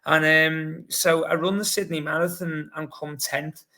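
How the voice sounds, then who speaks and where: A man's voice: a little high, little pitch movement, unhurried, sharp tone. A man in his forties from Liverpool with a Scouse accent, chatting casually as a podcast guest and acting out quotes as he tells stories. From Liverpool, England. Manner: chatty storyteller, acts out quotes. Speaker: guest, marathon runner.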